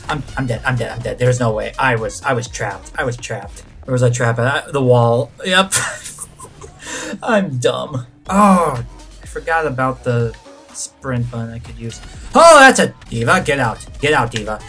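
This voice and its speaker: A man giving excited live commentary on his own gameplay, reacting loudly to the action and muttering to himself between moments. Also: on the high side. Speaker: gaming channel host.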